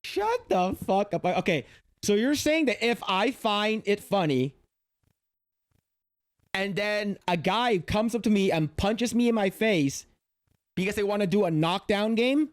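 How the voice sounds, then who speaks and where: A man with a rather high voice reacts to a video on his livestream, swearing freely and circling back over his own words in disbelief. His outbursts are blunt and exasperated. The sound is dry and close, with no room echo. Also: animated, unhurried, pauses often. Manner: profane, exasperated, repeats himself. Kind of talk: casual reaction commentary.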